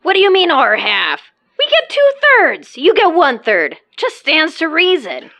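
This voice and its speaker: A woman's voice: sits high, huge pitch swings, bright, forceful tone, exaggerated voice. A woman voicing a bossy, scheming female spaceship pilot who snaps insults. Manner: bossy, insulting, quick to snap. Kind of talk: hobby audio drama.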